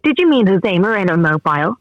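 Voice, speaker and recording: Irish-accented female text-to-speech assistant, smooth and even, with lively pitch, heard through a muffled phone speaker. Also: fairly quick, background noise. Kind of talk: synthetic assistant replies.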